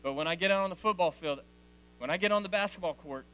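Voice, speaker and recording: A man's voice: high voice, fast talker, bright, forceful tone, faint music behind. A man in his forties giving a direct, conversational youth sermon to teenagers in a church hall. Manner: direct, conversational, addresses teens as guys. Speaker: youth speaker.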